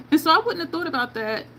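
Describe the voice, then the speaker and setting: A woman's voice: high-pitched, bright, forceful tone, slight background noise, poor audio. A woman beauty vlogger chatting casually through a makeup tutorial, telling stories and laughing often.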